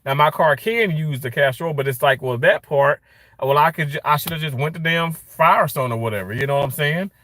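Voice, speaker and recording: A man's voice: on the high side, a little fast, a bit bright, no room sound. A man ranting in a casual vlog from his car, frustrated and swearing as he rambles. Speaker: vlogger.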